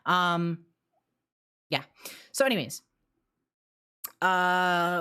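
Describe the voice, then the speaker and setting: A woman streamer chats casually at a desk mic, answering her live chat. Her voice sits low yet swoops widely, and she rambles bluntly through fillers and restarts. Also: sing-song, fairly quick, fairly bright tone.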